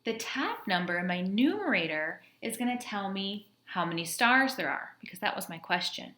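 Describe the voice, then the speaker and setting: A woman's voice: medium pitch, very animated, normal speed, bright, forceful tone. A woman teacher patiently walking students through a math lesson, counting aloud step by step. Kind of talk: classroom math lesson video. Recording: echoey room.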